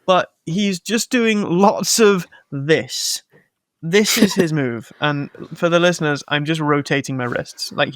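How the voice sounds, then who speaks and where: A man hosting a casual film review podcast, sweary and animated, often laughing and acting out lines. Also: on the high side, a little slow, no echo, clean studio sound. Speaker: podcast host.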